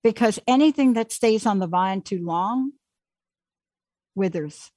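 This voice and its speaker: A woman's voice: medium pitch, a little slow, dark tone, no echo. A woman hosting a radio call-in show, talking in an emphatic, pushy way as she coaxes her caller along. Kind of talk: casual call-in coaching.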